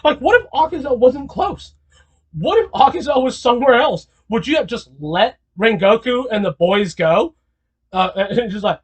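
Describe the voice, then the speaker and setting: A man talking alone in a casual commentary, animated and incredulous, rambling with restarts and repeated questions. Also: extremely high pitch, moderate pace, breathy edge. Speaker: video creator.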